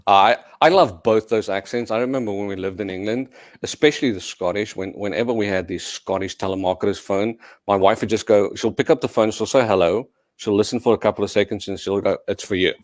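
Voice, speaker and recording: Brief: man, lowish voice, easygoing, close dry mic. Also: fairly quick, no echo. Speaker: livestream guest. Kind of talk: casual chat.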